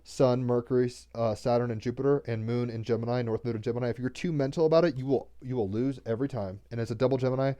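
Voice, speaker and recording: Rambling man with a mellow voice. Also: medium pitch, steady tone, quick pace, hardly any pauses. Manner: rambling, repeats words, swears casually. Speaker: tarot card reader. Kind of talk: casual spiritual card-reading talk.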